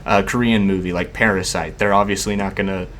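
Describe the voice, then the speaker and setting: Chatty man hosting a podcast, low voice. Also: fairly even intonation, fairly quick, fairly bright tone, slight background noise. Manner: chatty, laughs often, many "like" fillers. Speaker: podcast host. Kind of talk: casual chat.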